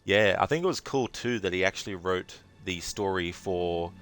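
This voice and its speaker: A man's voice: low-pitched, normal speed, fairly bright tone. A man streaming a game live, chatting casually and rambling with plenty of fillers while thanking his viewers.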